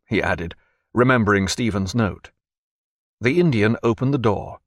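Low, expressive male audiobook narrator. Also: no echo, studio quality. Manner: measured, expressive storytelling. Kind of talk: scripted narration.

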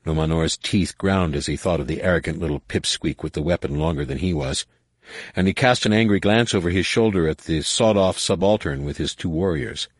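A man reading a novel aloud as an audiobook narrator, with measured, expressive delivery. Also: deep voice, slightly rough, no echo, clean studio sound. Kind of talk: scripted narration.

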